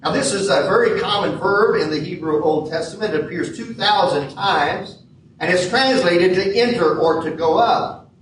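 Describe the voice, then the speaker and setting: A man preaching a sermon as pastor in a church sanctuary, measured and leaning hard on key words. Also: sits high, slight background noise. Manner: measured preaching with emphatic stresses. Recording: echoey hall from far off.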